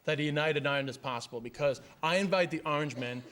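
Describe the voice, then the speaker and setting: A man, a comedian guest on a TV talk show, ranting animatedly and swearing in a quick stand-up style. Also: fairly high pitch, fairly bright tone. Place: TV studio with live audience.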